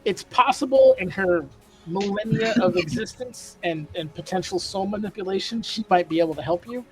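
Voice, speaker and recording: High-voiced man running a tabletop game. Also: normal speed, over music, low-quality recording. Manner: casual, thinks aloud with fillers. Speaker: dungeon master. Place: home streaming setup.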